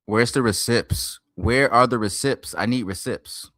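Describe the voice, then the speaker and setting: Bright-voiced, slangy male streamer. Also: medium pitch, a little slow, no room sound, clean studio sound. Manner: loud, slangy, profane, swings between hype and mumbling. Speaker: streamer reacting to a video. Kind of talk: casual reaction stream chat.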